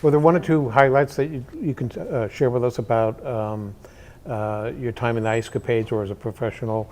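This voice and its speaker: A man's voice: mid-range voice, fairly even intonation, a little fast, a little mellow. A man hosting an interview, asking questions with many fillers and restarts. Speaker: interview host.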